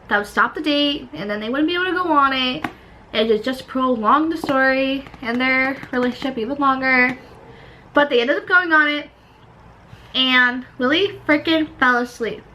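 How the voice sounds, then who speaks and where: A woman's voice: sits high, pushed and bright, a little hiss or hum, rough recording. A young woman talking casually in a book vlog, chatty and full of "like". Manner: chatty, fills talk with "like". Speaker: book vlogger. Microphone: camera propped up without tripod.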